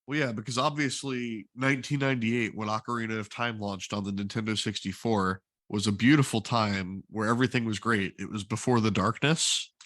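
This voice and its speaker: A man's voice: lowish voice, steady tone, fairly quick, hardly any pauses, a bit bright, no room sound, studio quality. A man co-hosting a casual gaming podcast, explaining game history with trivia. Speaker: podcast co-host.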